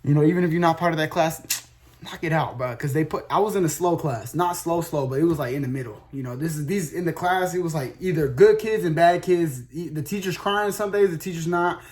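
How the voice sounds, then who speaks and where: A young man telling a rambling story to his viewers, casual and slangy, swearing a lot, with sudden loud shouts and laughs. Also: fairly high pitch, brisk.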